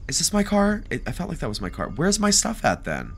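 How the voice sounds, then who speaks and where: A man giving jokey, animated let's play commentary, reacting aloud and talking back to game characters. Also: a little high, fairly quick, gravelly. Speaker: gaming video creator.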